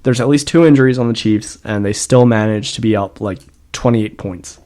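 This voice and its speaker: A man's voice: lowish voice, normal speed, mellow. A man co-hosting a podcast in casual chat, telling rambling, profane stories and laughing often. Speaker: podcast co-host.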